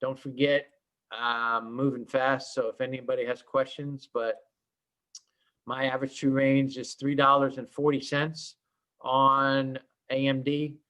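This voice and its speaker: A man with an everyday mid-pitched voice leads a live trading lesson. He talks loosely and warmly, with lots of fillers and self-corrections. He sounds like he's at his desk mic while sharing his screen. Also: little pitch movement, measured pace. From schooled in Oklahoma. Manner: casual, rambling with many fillers. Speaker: trading instructor. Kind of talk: live trading room teaching.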